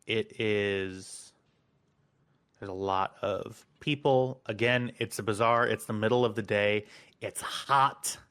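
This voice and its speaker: A man narrating as game master of a tabletop game, unhurried, with many ums and casual asides. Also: fairly low pitch, fairly even intonation, fairly bright tone, clean tone.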